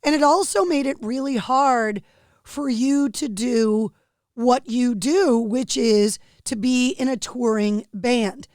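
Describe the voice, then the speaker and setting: Woman, podcast host, interview, friendly, laughs easily, higher voice, dry close sound. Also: slow pace, darkish tone, dry recording.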